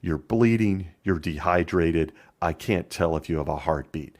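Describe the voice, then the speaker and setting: A man's voice: sits low, a little slow, darkish tone. A man voicing a mock-cheerful traveler who chattily pushes a Bible study on a dying stranger, a sarcastic parody. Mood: chummy, pushy.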